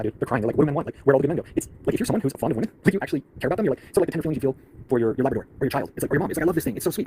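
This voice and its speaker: Guy ranting super fast, swearing a lot, kinda preachy, a bit of background hiss. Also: medium pitch, dark tone. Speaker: online video creator. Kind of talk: fast rant to camera.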